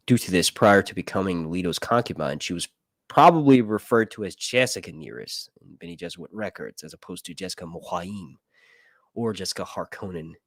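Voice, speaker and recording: A man's voice: sits low, lively intonation, brisk, no echo, clean studio sound. A man giving casual, profane movie commentary, rambling between jokes and reading passages aloud. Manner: profane, rambling, jokey asides. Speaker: film reviewer.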